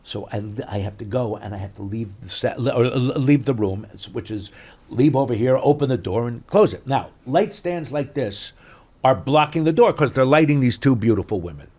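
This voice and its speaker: A man, a guest actor telling stories in an animated interview chat, swinging between loud bursts and mutters. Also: mid-range voice, moderate pace.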